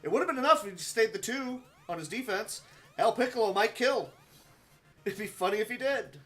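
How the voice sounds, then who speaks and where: A man's voice: high voice, lively intonation, brisk, a bit bright. A man speedrunning a game live, giving muttered, wry running commentary to himself.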